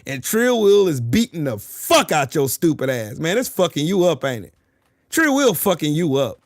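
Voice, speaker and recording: A man's voice: a little high, very animated, normal speed, dry recording, clean studio sound. A man trash-talking his chat on a livestream, taunting and boasting, repeating his jabs over and over. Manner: profane, boastful. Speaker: streamer arguing with chat.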